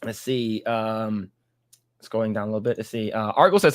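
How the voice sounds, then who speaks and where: A man's voice: fairly low pitch, moderate pace, no echo, studio quality. A man hosting a casual livestream chat, rambling and laughing often. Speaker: podcast host.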